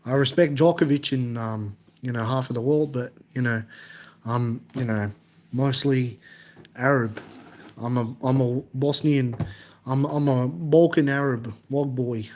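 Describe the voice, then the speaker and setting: A young Australian man with an Australian accent, chatting casually on a live stream and answering viewers' comments in a halting, repetitive way. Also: mid-range voice, steady tone, a little mellow, slight background noise.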